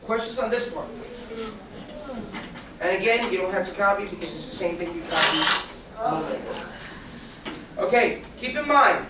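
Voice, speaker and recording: A man's voice: sits high, lively intonation, normal speed, long pauses, background noise. A man teaching a Spanish grammar lesson to a class, patient, often checking understanding with "okay?" and questions. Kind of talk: classroom lecture. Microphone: recorded from across the room. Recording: echoey classroom from a distance.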